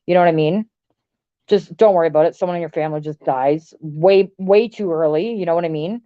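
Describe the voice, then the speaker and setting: A woman's voice: on the low side, brisk, no room sound, lo-fi sound. A woman from Canada ranting casually to her livestream chat, blunt and profane, rambling with lots of filler words. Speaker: livestream host.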